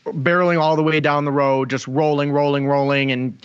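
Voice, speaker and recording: A man co-hosting a podcast, giving an animated play-by-play retelling of a show's scenes in casual chat. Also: a little high, fairly quick, clear, resonant tone. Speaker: podcast co-host. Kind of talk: casual chat, recapping an episode. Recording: slightly dull lo-fi sound.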